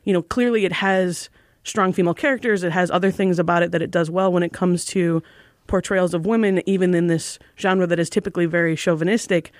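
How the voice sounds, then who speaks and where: A woman co-hosting a casual chat, explaining her views in an earnest, measured way. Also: on the low side, steady tone, no room sound, clean studio sound. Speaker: podcast co-host.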